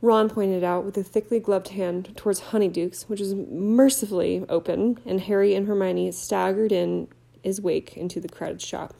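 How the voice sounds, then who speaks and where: A woman reading a fantasy novel aloud in a steady storytelling manner, with small slips. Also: mid-range voice, normal speed, vocal fry. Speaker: audiobook reader.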